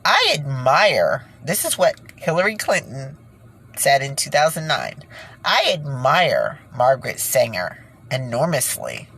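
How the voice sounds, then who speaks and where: A woman's voice: very deep voice, wildly swooping pitch, unhurried, fairly bright tone, slightly rough, low-quality recording. A woman ranting indignantly in a casual monologue to her viewers, breaking off with sighs and nervous laughs. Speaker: vlogger.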